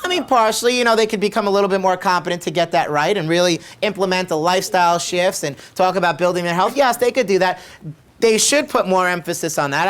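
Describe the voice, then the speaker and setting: A man's voice: high voice, a bit bright, clean tone. A middle-aged man, a chiropractor, telling a patient story to camera in a conversational way and repeating his questions for emphasis. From United States.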